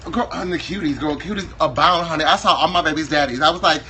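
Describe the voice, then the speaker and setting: A man's voice: a little high, fast talker, noisy background. A man in his thirties from Wisconsin, chatting as a guest in a flamboyant, campy, playfully exaggerated way. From Wisconsin, USA. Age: 30s. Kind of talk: casual chat.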